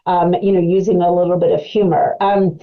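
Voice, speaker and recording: A woman's voice: on the low side, flat delivery, brisk, lo-fi sound. A woman presenting an educational webcast as a clinical specialist, explaining in a conversational way with frequent fillers.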